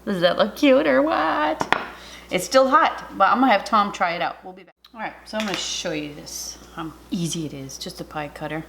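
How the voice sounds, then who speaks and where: A woman hosting a casual home cooking video, chatty and excitable, talking straight to her viewers. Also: on the low side, fairly quick, background noise. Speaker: cooking vlogger. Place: home kitchen.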